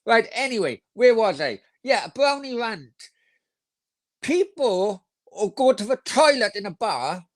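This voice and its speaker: A man's voice: high voice, big pitch swings, measured pace, no room sound. A man hosting a casual football live stream, rambling crudely, swearing freely and reading viewer comments aloud. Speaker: football channel host.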